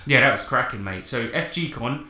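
A man's voice: medium pitch, a little fast, a crowd in the background. A man co-hosting a podcast, telling tabletop game stories in casual, sweary chat. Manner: sweary, animated storytelling. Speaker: podcast co-host. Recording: echoey room.

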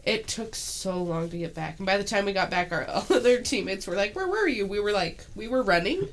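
A woman's voice: mid-range voice, brisk. A young woman in her twenties, a podcast co-host telling stories in casual chat, laughing often as she retells things.

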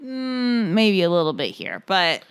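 A woman's voice: mid-range voice, wildly swooping pitch, measured pace, clean tone. A woman in her forties co-hosting a podcast, joking and swearing in casual chat. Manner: joking, profane, riffing. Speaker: podcast co-host.

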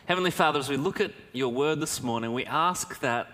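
A man's voice: fairly high pitch, brisk. A man preaching a sermon in a conversational storytelling manner, with a personal anecdote and a prayer. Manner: conversational storytelling, animated when excited. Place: church. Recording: church hall reverb.

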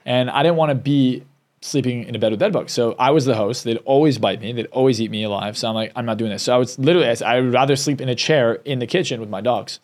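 A man's voice: medium pitch, fast talker, darkish tone. A man, a success coach and hypnotist, telling a candid, emotional personal story as a podcast guest, often restarting his sentences.

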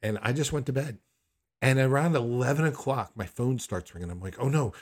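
A man's voice: mid-range voice, a little fast. A middle-aged man hosting a podcast episode, telling a personal story in a candid, reflective way with frequent restarts. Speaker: podcast host.

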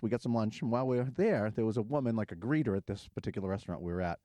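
A middle-aged man hosting a casual podcast. He tells stories in an animated way and is quick to laugh. His voice is mellow and warm, recorded dry and close to the mic. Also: mid-range voice, dry recording. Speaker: podcast host.

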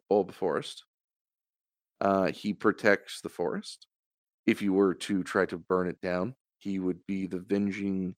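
A man's voice: deep voice, dry recording, clean studio sound. A man running a tabletop game as game master, narrating hesitantly with many fillers.

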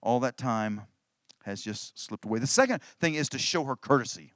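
A man's voice: mid-range voice, expressive, normal speed, fairly bright tone, no room sound, clean studio sound. A middle-aged man preaching a sermon in a conversational way, often restarting phrases for emphasis. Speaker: pastor.

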